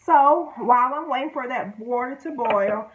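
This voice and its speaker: A chatty woman in a home kitchen, talking her viewers through a recipe and poking fun at herself as she works. Her voice sits a little high. The room is echoey and loud noise runs under her. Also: normal speed, highs cut off. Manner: chatty and self-deprecating, talks to viewers as y'all. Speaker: home cooking vlogger. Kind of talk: casual cooking vlog chat.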